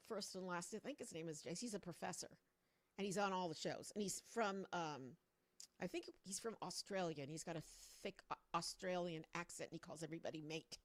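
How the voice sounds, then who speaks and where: Animated woman ranting about politics. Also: lowish voice. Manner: rambling, animated and mocking. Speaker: political commentator streaming to viewers. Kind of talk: casual political rant on a livestream. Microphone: own microphone on a stand.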